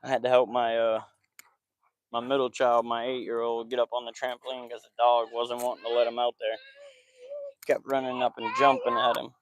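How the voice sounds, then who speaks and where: A man's voice: medium pitch, flat delivery, brisk. Man, thirties, football podcast host, casual outdoor chat, slangy, scolds the dog in between. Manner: loose, slangy talk, scolding the kids and dog between chatting to viewers. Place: outdoors at home by the backyard and porch.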